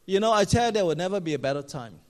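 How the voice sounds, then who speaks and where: A man preaching a sermon, telling a story with many "you know" fillers and swinging between loud exclamations and quiet asides. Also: sits high, animated, rapid-fire. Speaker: pastor.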